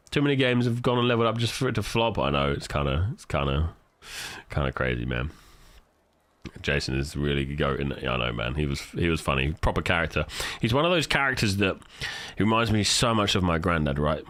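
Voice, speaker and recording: Deep-voiced swearing British streamer. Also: male voice, no room sound. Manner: profane, animated storytelling. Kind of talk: casual livestream chat.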